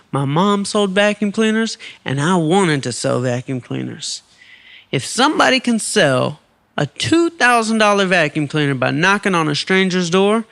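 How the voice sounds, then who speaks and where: A man hosting a podcast, telling a personal story in an animated way and acting out the people in it. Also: fairly high pitch, no echo. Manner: animated, acts out quoted voices. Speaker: podcast host. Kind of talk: storytelling monologue.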